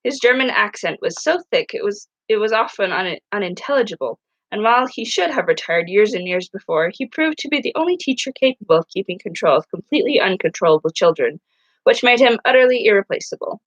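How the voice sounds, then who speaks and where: A woman's voice: medium pitch, expressive, brisk, no room sound, lo-fi sound. A woman reading a novel aloud in a casual way, often stumbling and restarting her words. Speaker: reader.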